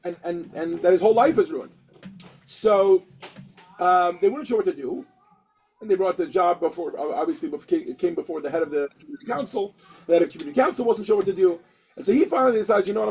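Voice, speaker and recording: A man's voice: high voice, darkish tone, slightly rough, rough recording. A man teaching a lesson, telling a story and acting out the characters with many restarts.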